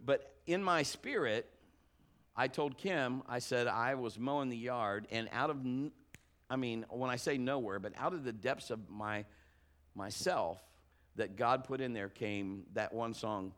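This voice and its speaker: A man's voice: mid-range voice, measured pace, fairly bright tone. A middle-aged man preaching a conversational sermon, telling folksy stories with restarts and trailing thoughts. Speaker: pastor.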